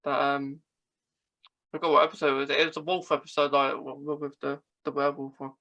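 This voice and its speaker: A man's voice: on the high side, little pitch movement, fast talker, pushed and bright, lo-fi sound. A man speaking as a podcast guest in casual chat, hesitant and full of fillers and restarts.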